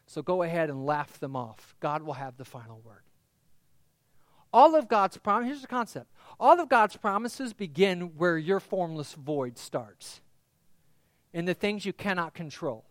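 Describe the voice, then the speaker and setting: A man preaching a sermon as a pastor, swinging between quiet, drawn-out phrases and loud, rising passages. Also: on the high side, no room sound. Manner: impassioned, building from hushed to loud.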